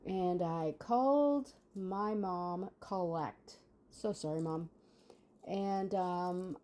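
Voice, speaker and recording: Warm and on the low side, a woman in her 60s unhurriedly recounts a personal story for her vlog. She chats and rambles with plenty of fillers in this casual monologue.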